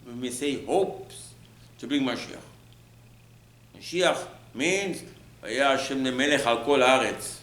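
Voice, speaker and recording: A man's voice: medium pitch, fairly bright tone, roomy sound, a little hiss or hum, rough recording. A male rabbi giving an emphatic Torah lecture, repeating phrases, asking rhetorical questions and mixing in Hebrew terms. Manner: mixes in Hebrew and Aramaic terms.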